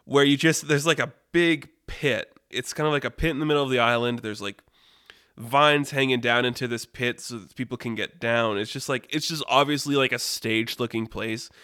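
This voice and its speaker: A man telling an improvised story casually, rambling and animated with lots of fillers. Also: mid-range voice, moderate pace, clear, resonant tone, dry recording. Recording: dry close mic.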